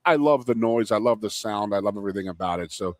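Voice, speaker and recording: A lively male co-host from Philadelphia chatting on a live talk show. His voice jumps up and down as he tells stories and laughs easily. The sound is dry and close, with no room in it. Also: lowish voice, fast, dry recording. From Philadelphia area, USA. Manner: animated storyteller, laughing easily. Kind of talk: casual sports talk show chat. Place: restaurant.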